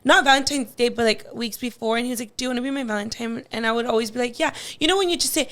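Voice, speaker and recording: A young woman in her twenties with a high voice tells a personal story on a podcast. She talks casually, filling her sentences with "like" and acting out what people said. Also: quick pace, fairly bright tone. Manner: chatty, many likes, acts out quotes. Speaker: guest.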